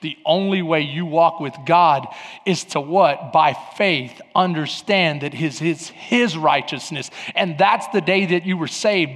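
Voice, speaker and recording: A male preacher delivering an emphatic sermon, building up to shouted peaks and then dropping to hushed, intimate asides. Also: on the high side, unhurried. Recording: long reverb in a large hall.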